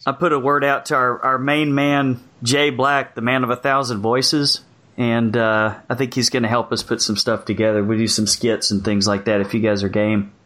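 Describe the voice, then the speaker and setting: Relaxed man hosting a podcast. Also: mid-range voice, moderate pace. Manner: relaxed, with fillers and restarts. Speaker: podcast host. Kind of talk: casual chat.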